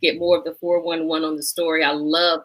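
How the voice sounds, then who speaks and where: A woman's voice: low-pitched, little pitch movement, a little fast, low-quality recording. A woman co-hosting a talk show, chatting playfully with the guest. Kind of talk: casual talk show chat.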